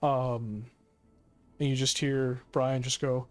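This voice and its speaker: A man's voice: mid-range voice, level tone, slow. A man running a tabletop horror game as game master, narrating vividly with many fillers.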